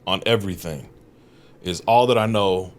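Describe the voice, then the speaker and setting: His voice sits low and moves at a moderate pace as he guests on a podcast in the studio. A comedian by trade, he tells casual stories full of profanity, laughing a lot and performing other people's lines.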